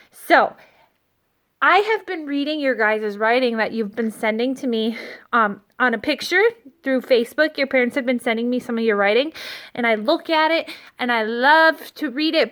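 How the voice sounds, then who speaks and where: A woman teaching kindergartners by video from an empty classroom, speaking gently, slowly and encouragingly into a phone set down in front of her. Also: high voice. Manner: gentle, slow and encouraging, talks to small children. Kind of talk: remote lesson to young children.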